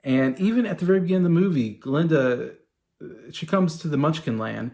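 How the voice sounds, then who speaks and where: A man's voice: a little high, expressive, a little fast, darkish tone. A man hosting his own video, rambling through an exasperated casual movie review with mocking asides. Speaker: video host.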